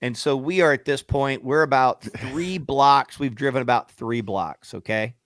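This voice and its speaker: A man's voice: medium pitch, unhurried, no echo, clean studio sound. Profane storytelling radio co-host, male. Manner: profane, acts out shouting matches in quotes. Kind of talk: animated storytelling.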